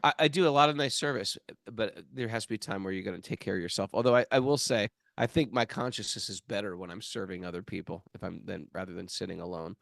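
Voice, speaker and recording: A man co-hosting a casual spiritual discussion podcast, an animated storyteller who often restarts his sentences. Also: lowish voice, fast talker, creaky, few pauses, no echo, clean studio sound. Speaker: podcast co-host.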